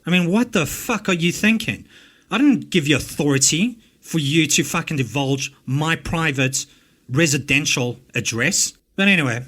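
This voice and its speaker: A man with an English-speaking South African accent tears into a recording with a fairly high voice. His commentary is angry and mocking, full of profanity. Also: bright, forceful tone. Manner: angry, swearing, mocking rants. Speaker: host reacting to a recording.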